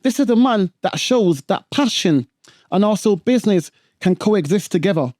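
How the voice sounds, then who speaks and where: Male host, higher mellow voice, easygoing questions, dry close recording. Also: expressive, normal speed, dry recording. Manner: friendly questioning with fillers. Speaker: podcast host. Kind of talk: casual podcast interview.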